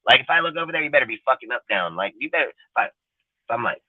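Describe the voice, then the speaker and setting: A man's voice: mid-range voice, expressive, quick pace, dry recording. A man ranting in casual talk, blunt and profane, leaning on "dude" and "like" as he talks. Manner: blunt, heavy swearing, repeats "dude" and "like". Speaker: podcast co-host. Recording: tinny phone-line sound, dry.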